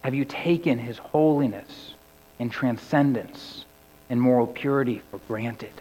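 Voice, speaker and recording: A man preaching a sermon. His delivery sinks low and soft on key words and climbs to loud cries when he quotes scripture. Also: unhurried, breathy edge. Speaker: pastor. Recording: dull recording with long hall reverb.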